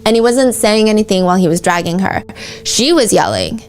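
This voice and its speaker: A woman narrates true-crime courtroom testimony in a casual podcast manner. She reads the questions and answers aloud and breaks in with chatty asides. Her voice sits at an ordinary middle pitch for a woman. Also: very animated, fairly quick. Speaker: podcast host.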